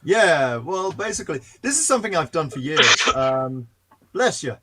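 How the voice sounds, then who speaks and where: A man hosting a casual podcast chat, playful and quick to laugh, talking over a video call. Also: heavy background noise. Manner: playful, laughs often, lively pitch. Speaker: podcast host.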